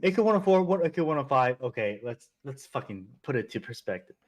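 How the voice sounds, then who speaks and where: A man at a middling pitch, chatting as a podcast guest. He stops often to fill gaps with ums and swears casually as he works through his point. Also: very animated. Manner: halting, full of ums and swearing.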